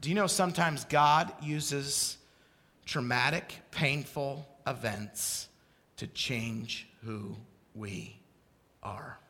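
A middle-aged male preacher from Idaho giving a passionate sermon, swinging from quiet confession to shouted exclamation. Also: mid-range voice, slow pace, long reverb tail.

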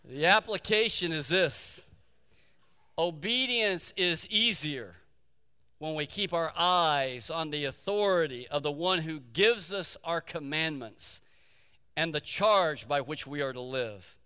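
Pastor, male, preaching in a church sanctuary; bright, forceful tone with a long echo behind. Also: a little high, animated, slow pace, clean tone. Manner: storytelling preacher, repeats key phrases for emphasis. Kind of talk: sermon. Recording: long hall reverb.

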